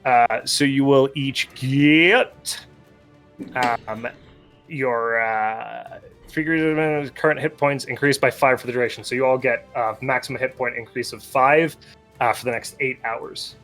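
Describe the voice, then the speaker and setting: A man's voice: medium pitch, unhurried, fairly bright tone, soft background music. A man playing in a tabletop game over a video call, describing his character's actions in loose, conversational narration. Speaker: player voicing a paladin.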